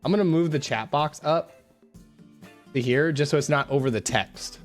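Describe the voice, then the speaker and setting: A man's voice: on the high side, moderate pace, faint music behind. A young man streaming a game, chatting casually and joking with his chat, with frequent swearing.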